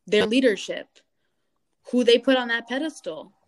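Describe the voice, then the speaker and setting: A young adult woman guest in an interview, telling a painful family story with animated delivery and acted-out quotes of other people. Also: a little high, moderate pace. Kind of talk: candid personal interview.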